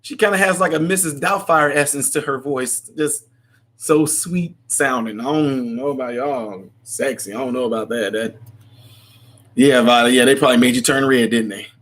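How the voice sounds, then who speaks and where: A man's voice: medium pitch, normal speed, fairly bright tone. A man hosting a casual livestream, chatting and answering viewer comments in a rambling way, laughing often. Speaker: livestream host. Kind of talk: casual live chat reading comments.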